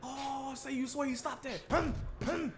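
Cocky, high-voiced trash-talking gamer. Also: male voice, fairly even intonation, measured pace, crowd noise. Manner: cocky taunting with grunted punch noises. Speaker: gamer streamer. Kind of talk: live trash-talking gameplay commentary.

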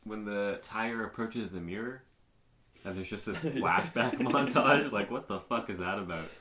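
Very deep-voiced man chatting about a film. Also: normal speed, bright, forceful tone, slight background noise. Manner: loose, rambling, swears casually. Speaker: podcast co-host. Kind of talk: casual film discussion.

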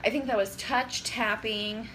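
A woman's voice: fairly high pitch, steady tone, measured pace, fairly bright tone, slight background noise, low-quality recording. A young woman chatting casually on a phone livestream, rambling and giving advice to viewers. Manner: loose, rambling and getting sidetracked. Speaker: livestream host. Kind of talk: casual live-stream chat. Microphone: phone camera.

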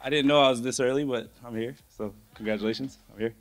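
A young man speaks as groomsman at a wedding reception. He talks casually, stumbling with fillers as he searches for words. His voice is mid-pitched for a man. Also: steady tone, quick pace. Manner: casual, hesitant, lots of fillers. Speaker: groomsman giving a toast. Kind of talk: wedding toast speech.

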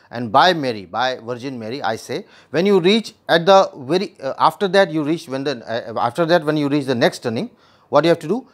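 Guy teaching a play line by line, kinda high voice, keeps rephrasing stuff in simpler words. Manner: paraphrases each quoted line in simpler words, with restarts. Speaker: literature teacher.

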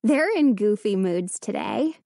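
A woman voicing a cheerful young girl in a storybook reading, bright and teasing. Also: mid-range voice, sing-song, unhurried, creaky, no room sound, studio quality. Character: cheerful preteen girl, teasing older sister.

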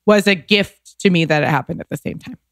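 A woman's voice: lowish voice, brisk, no echo, studio quality. A woman in her thirties, a podcast guest, telling a personal story candidly, emotional and rambling, saying "like" often. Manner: emotional, rambling, heavy use of "like".

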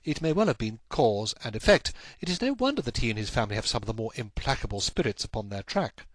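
A man's voice: medium pitch, animated, fast talker, no room sound, close to an everyday voice. A man voicing a brilliant, intense Victorian male detective, speaking in a raised, emphatic, declamatory way. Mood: grave.

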